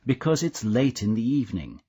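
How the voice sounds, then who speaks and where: A man narrating a language course, guiding the listener with steady, scripted explanations. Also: mid-range voice, brisk, breathy edge.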